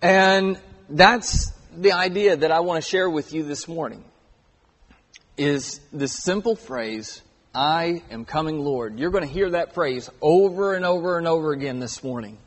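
A man's voice: a little high, a little slow. A man in his thirties preaching a sermon in a church auditorium, earnest and stressing key words. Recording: long hall reverb.

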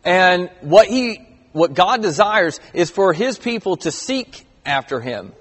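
A middle-aged man delivers a sermon with a rather high voice, easygoing yet stressing key phrases hard as he reads scripture aloud. His voice carries a long reverb, as if in a large hall. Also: very animated, slow, a bit bright, breathy edge. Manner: conversational preaching with emphatic stresses and scripture reading. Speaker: pastor.

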